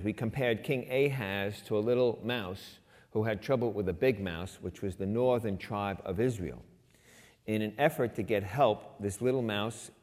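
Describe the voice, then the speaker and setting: A middle-aged man preaching a sermon as pastor, conversational, rising loud for emphasis and dropping quiet for personal asides. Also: fairly low pitch. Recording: long hall reverb.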